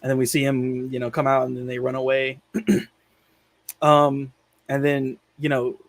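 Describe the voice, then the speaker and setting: A man's voice: mid-range voice, completely flat delivery, normal speed, no echo. A man hosting a film podcast, retelling scenes in a loose, rambling way full of "like" and casual swearing. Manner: laid-back, swears casually. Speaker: podcast host reviewing films. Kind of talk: casual chat.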